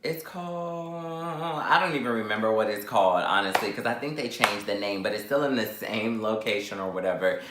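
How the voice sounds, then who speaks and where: A young man tells a dramatic story with plenty of sass, slipping into the voices of the people in it. His tone is bright and forceful, and the room around him rings with echo. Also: lowish voice, moderate pace, few pauses, slight background noise. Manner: dramatic, sassy, acts out quotes. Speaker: vlogger. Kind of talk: storytime while eating.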